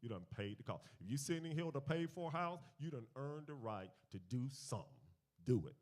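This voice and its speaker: With a medium-pitched voice and a fairly quick pace, a church teacher instructs a congregation on finances. His sermon features animated stories, repeated key phrases, and call-and-response, ranging from quiet to loud.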